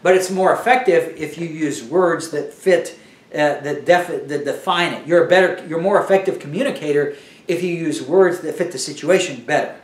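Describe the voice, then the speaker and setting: A man's voice: a little high, moderate pace, roomy sound, recorded from a distance. A man teaching a Bible lesson in a conversational sermon style, often restarting his sentences.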